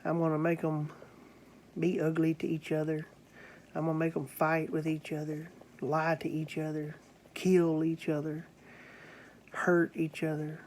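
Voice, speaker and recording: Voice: medium pitch, monotone, unhurried, a little mellow, slight background noise, natural voice. A preacher voicing a cruel little boy who boasts about trapping birds. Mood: boastful.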